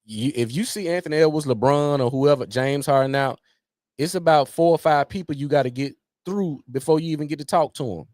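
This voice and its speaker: A man in casual podcast chat, animated and emphatic, repeating his points for effect. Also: on the high side, brisk, no echo, clean studio sound. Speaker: podcast co-host.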